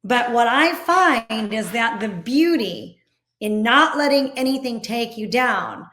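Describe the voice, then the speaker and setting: A woman's voice: fairly high pitch, expressive, slow pace, fairly bright tone, echoey room. A woman hosting a podcast interview, talking in a reflective, encouraging way. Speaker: podcast host. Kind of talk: conversational interview.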